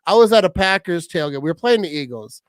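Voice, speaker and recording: A man's voice: high-pitched, sing-song, quick pace, smooth, no echo, clean studio sound. A man, hosting a podcast and telling rambling, crude stories in casual chat, laughing often. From Wisconsin. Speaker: podcast host.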